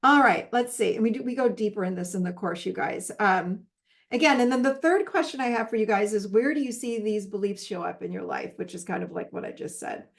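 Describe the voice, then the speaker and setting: A woman's voice: mid-range voice, a little fast, vocal fry. A middle-aged woman teaching a relationship masterclass in a casual, conversational way, with personal stories and frequent restarts.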